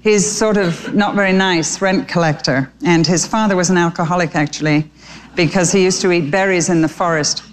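A woman's voice: on the low side, normal speed, a little hiss or hum. A woman preaching by telling a story and appealing directly to her listeners. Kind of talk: storytelling sermon.

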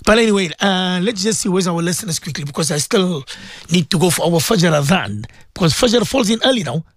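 A man preaching on a radio show in a high voice that swoops animatedly up and down. He repeats his phrases for emphasis and keeps clearing a sore throat. The studio sound is dry and close. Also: animated, fairly quick, dry recording. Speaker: radio host and Muslim cleric. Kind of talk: religious radio talk.

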